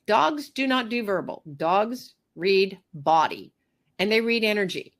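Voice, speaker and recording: A middle-aged master groomer woman giving a workshop talk, animated, repeating phrases and acting out little dialogues. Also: medium pitch, measured pace.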